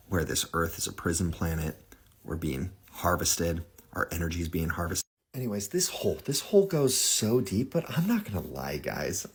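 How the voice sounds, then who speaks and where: Very deep-voiced man chatting to viewers. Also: husky. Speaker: social media creator. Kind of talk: casual vlog commentary to viewers.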